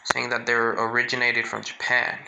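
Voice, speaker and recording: Calm young hero read by a man, sharp gravelly tone, flat and slow delivery. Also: mid-range voice, slight background noise, rough recording. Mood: somber. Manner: plain and halting, with restarts.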